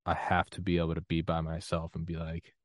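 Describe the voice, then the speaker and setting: A man's voice: low voice, monotone, a little fast, no echo, clean studio sound. A man from the United States hosting a podcast, talking in a loose, rambling, self-deprecating way and laughing often. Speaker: podcast host. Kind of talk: casual conversational interview.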